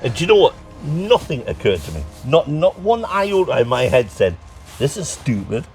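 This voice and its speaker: A man with a Tyneside accent telling stories as an interview guest in a lively, laughing way, acting out what people said. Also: a little high, moderate pace, recorded from a distance, faint music behind. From North East England. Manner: lively, laughs through his stories, acts out quotes. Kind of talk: casual storytelling chat.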